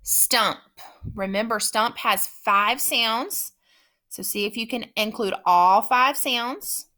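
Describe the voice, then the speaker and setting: A woman teacher giving a spelling dictation lesson, speaking slowly and repeating each word with patient care. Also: fairly high pitch, sharp tone. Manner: slow, patient, repeats words carefully.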